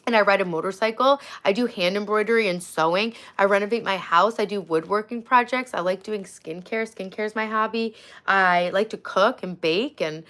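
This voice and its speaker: A woman's voice: mid-range voice, normal speed, a bit bright. A woman in her forties hosting a casual livestream from home, chatting and thanking viewers by name. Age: 40s. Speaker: livestream host.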